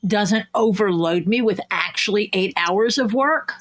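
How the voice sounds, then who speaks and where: A woman from the southern United States hosting a livestream, bantering and joking in a relaxed way. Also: medium pitch, measured pace. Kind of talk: casual chat.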